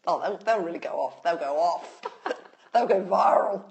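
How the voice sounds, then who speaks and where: A woman's voice: fairly low pitch, lively intonation, moderate pace, gravelly, a little mellow. Woman with dry teasing wit. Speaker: podcast co-host. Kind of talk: casual chat. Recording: noisy recording.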